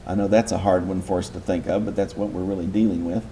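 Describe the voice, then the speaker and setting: A man's voice: deep voice, level tone, fast talker, warm tone, a little hiss or hum. A man teaching a Bible class in a lecture style, patiently explaining step by step and posing rhetorical questions to his listeners.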